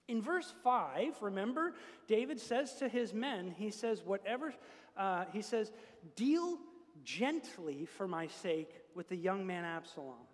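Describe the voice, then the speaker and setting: A man preaching a sermon as pastor, earnest and building to emphatic peaks. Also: high voice. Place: church. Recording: long reverb of a church hall.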